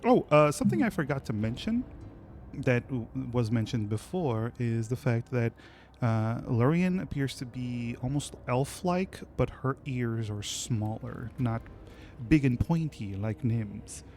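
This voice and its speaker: A man running a tabletop game, describing the scene in a relaxed, hesitant way. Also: medium pitch, a little slow, slight background noise. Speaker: game master.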